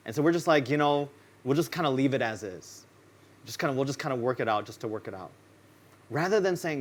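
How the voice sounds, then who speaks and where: A man preaching a sermon in a relaxed, conversational way, telling personal stories and acting out what people said in them. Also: medium pitch, a little fast. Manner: casual, conversational storytelling; acts out quoted lines in his stories. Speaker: pastor. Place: church.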